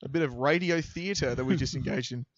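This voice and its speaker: A man co-hosting a podcast, telling a story in a casual, animated, jokey way and laughing often. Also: mid-range voice, fairly quick, no room sound, muffled recording. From half English. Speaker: podcast co-host.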